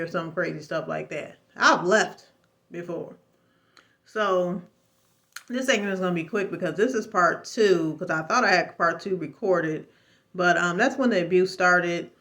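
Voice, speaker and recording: A woman's voice: fairly low pitch, normal speed, fairly bright tone. A woman telling her own story in a casual, emphatic testimony, rambling and preachy, with religious exclamations. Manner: rambling with frequent fillers and restarts. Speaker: vlogger sharing a personal story.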